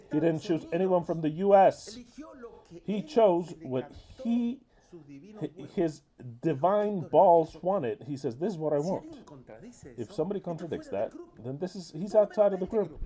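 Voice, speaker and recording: A man speaks over a sermon as its English interpreter, cursing and scolding with heavy emphasis. His voice sits high yet sounds dark and mellow, with almost no brightness to it. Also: animated, measured pace.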